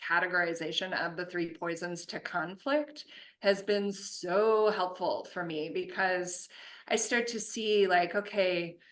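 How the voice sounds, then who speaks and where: A woman who works as a conflict coach and mediator, talking through an idea in a relaxed, reflective way with lots of fillers. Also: fairly low pitch, unhurried. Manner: reflective, explains with many fillers and restarts. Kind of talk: casual podcast conversation.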